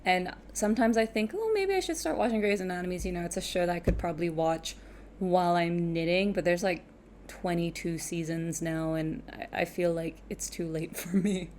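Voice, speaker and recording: A woman's voice: on the low side, moderate pace, darkish tone, slight background noise. A young woman with an international-school accent, casually chatting as host of a knitting reaction video. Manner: chatty, laughs easily, thinks aloud.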